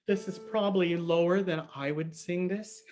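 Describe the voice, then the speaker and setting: A man's voice: high-pitched, fairly even intonation, moderate pace, a little mellow. A man teaching a harp and singing workshop online over a video call, chatty and friendly, laughing often and counting in. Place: home room on a live video stream.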